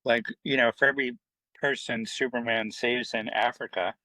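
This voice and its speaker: A man's voice: mid-range voice, normal speed, dry recording, rough recording. A middle-aged man, a comic book writer, telling stories in a casual interview, acting out quoted dialogue with lots of fillers. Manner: animated, acts out quoted dialogue, many fillers.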